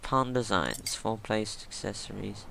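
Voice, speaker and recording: A man's voice: lowish voice, unhurried, creaky, a bit bright, a little hiss or hum. A man giving casual gameplay commentary, musing and thinking aloud as he plays.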